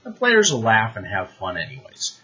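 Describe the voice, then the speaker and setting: Brief: male game master with a raspy, bright voice, chatty and animated, on a dull lo-fi recording. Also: lowish voice, normal speed. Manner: animated, conversational, many restarts. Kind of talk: advice talk to the camera.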